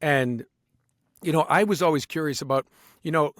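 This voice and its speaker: A man, a voice actor, talking as a guest in a casual interview, animated and full of restarts, now and then sliding into accents. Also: a little high, fairly quick, dry recording, clean studio sound. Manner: animated, slips into accents and impressions, many restarts.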